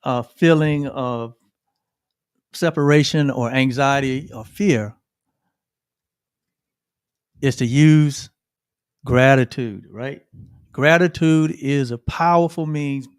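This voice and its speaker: A man's voice: mid-range voice, takes it slowly, pauses often, clean tone, no echo. Earnest man co-host, dry close sound. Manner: earnest, repeats phrases, ends with "right?". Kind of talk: reflective livestream talk on gratitude.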